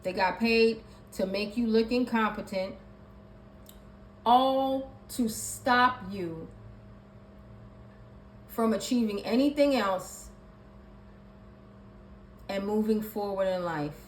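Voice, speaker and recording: A woman gives a tarot reading in an emphatic, repetitive way, hammering her points home one after another. Her voice sits at a middling pitch. The room around her is echoey, with faint background noise underneath. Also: takes it slowly, pauses often. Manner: emphatic and repetitive, listing card meanings. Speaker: tarot reader.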